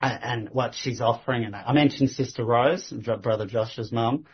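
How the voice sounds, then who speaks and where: A man casually recounting a conversation, animated and laughing, often restarting his sentences. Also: mid-range voice, normal speed, slightly rough. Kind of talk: casual personal storytelling. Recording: dull lo-fi recording.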